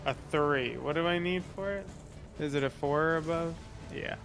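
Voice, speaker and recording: A man's voice: on the high side, normal speed, gravelly, fairly bright tone, soft background music. A man playing a tabletop game, asking hesitant questions and joking casually. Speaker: player.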